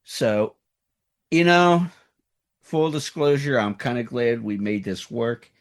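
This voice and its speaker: A man's voice: mid-range voice, lively intonation, slow. A man hosting a podcast interview, introducing his guest with a showy carnival-barker delivery. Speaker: podcast host.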